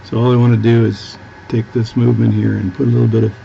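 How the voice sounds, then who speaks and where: A man's voice: mid-range voice, little pitch movement, quick pace, vocal fry, dark tone, lo-fi sound, slight background noise. A Canadian man with a Canadian accent, chatting casually as he works through a watch repair, rambling and restarting often. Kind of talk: casual workbench tutorial.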